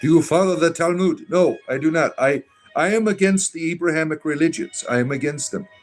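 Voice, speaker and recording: A Southern US man on a livestream, his voice sitting a little on the high side. He stumbles through uh's and restarts as he reads comments, then turns sarcastic and defiant. Soft music plays faintly underneath. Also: a little fast. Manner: rambling, hesitant, with frequent uh and restarts. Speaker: livestream host reading chat. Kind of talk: casual livestream chat.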